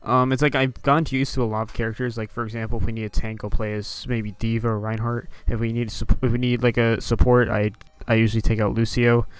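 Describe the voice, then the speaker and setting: A man's voice: medium pitch, little pitch movement, fast talker, hardly any pauses, clean tone. A young man on a casual gaming podcast, speaking hesitantly with many ums and restarts.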